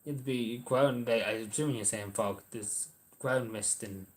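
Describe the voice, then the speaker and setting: This Irish livestreamer talks a little slowly in a mid-range voice, casually working through viewers' messages. His answers ramble and falter, packed with ums and restarts.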